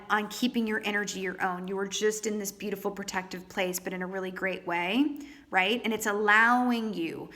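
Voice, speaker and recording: Woman, tarot reader, chatty, theatrical, mid-pitched voice, casual to-camera talk. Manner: chatty and animated, calls viewers honey and darlings; theatrical, trained stage performer.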